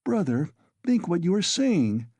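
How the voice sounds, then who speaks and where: A man voicing a proud but gentle young woman who speaks softly yet firmly, pitched above his own voice. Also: moderate pace, husky, dry recording. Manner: soft but firm.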